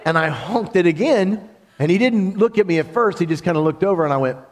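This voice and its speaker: Male preacher, bright higher voice that swoops a lot, chatty and storytelling from the pulpit. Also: fairly quick. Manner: animated, conversational storytelling with laughs. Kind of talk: sermon.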